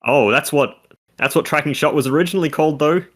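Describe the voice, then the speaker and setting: A man's voice: fairly high pitch, fast, fairly bright tone. A man co-hosting a casual video game discussion, talking through stats and mechanics in detail. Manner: analytical, talks through game numbers. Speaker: content creator co-host.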